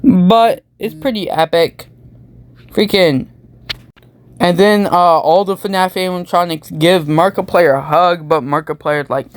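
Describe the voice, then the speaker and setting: A woman rattles through a comedic movie recap in a goofy, rambling way, stacking meme slang as she goes. Her voice is smooth and clean, at a middle pitch. The sound is dry and close, with no room around it. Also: measured pace, dry recording. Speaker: YouTube commentator.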